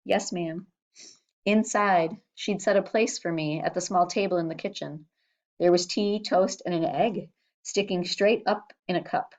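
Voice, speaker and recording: A woman reading a children's novel aloud in a steady, expressive storytelling manner. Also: on the low side, normal speed. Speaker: audiobook reader.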